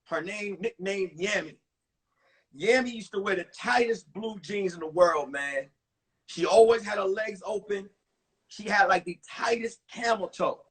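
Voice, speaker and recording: A man in his forties, a comedian telling crude, animated stories about his school days on a phone livestream. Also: high-pitched, unhurried, husky. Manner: animated, profane storytelling with acted-out voices. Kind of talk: stand-up storytelling on a livestream.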